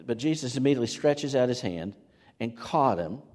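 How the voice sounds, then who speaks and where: A man preaching a sermon as a pastor, animated, acting out quoted voices with sudden jumps in pitch. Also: normal speed. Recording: long reverb of a large hall.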